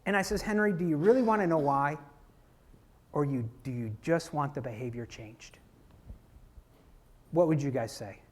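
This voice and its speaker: Man, high voice, lively storytelling keynote speaker, talks to the audience. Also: normal speed, pauses often. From Florida. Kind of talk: conference keynote talk. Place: conference hall.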